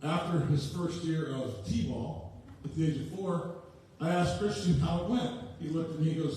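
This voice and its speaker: A man's voice: fairly high pitch, moderate pace, noisy background. Folksy man in his sixties, heavy echo. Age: 60s. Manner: folksy, joking family anecdotes. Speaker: guest speaker at a church. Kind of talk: storytelling sermon. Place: large church sanctuary. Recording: very echoey hall from far off.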